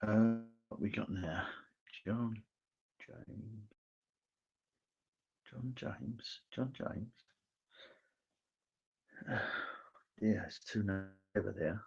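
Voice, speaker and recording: A man serving as a spiritualist medium, giving clairvoyant messages in a church service. He speaks in a gentle, reassuring way, halting often and checking in with "okay?". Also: on the low side, lo-fi sound.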